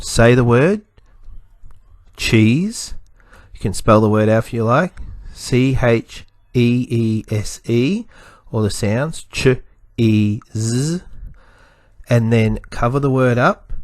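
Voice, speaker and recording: A male teacher giving a spelling lesson to children, spelling words out letter by letter and sounding out each part slowly and carefully. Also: on the low side, dry recording.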